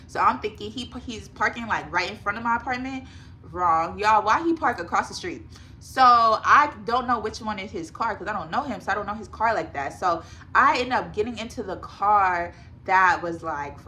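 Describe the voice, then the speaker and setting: A woman's voice: mid-range voice, sharp tone, slight background noise. A young woman in her twenties casually telling a storytime to her viewers, chatty and full of fillers, often addressing them as y'all. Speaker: vlogger.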